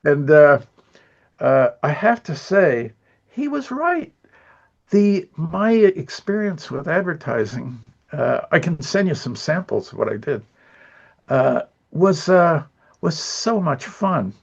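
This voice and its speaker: A man's voice: fairly high pitch, sing-song, slow, creaky, breathy edge, dull audio. An older man who is an animator, chatting as an interview guest, telling rambling stories with lots of chuckles. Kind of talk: casual storytelling chat.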